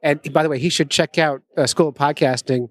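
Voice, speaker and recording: Speaking fairly quickly in a slightly high, steady voice, this man hosts a podcast live at a conference venue. The talk is a casual chat at a conference table, sprinkled with jokey, self-mocking asides.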